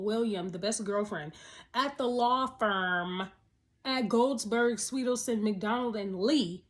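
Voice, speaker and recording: A woman's voice: medium pitch, takes it slowly. Chatty woman recapping a TV episode. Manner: animated, chatty, laughs often, rhetorical questions. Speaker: TV episode reviewer. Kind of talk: casual spoken episode recap.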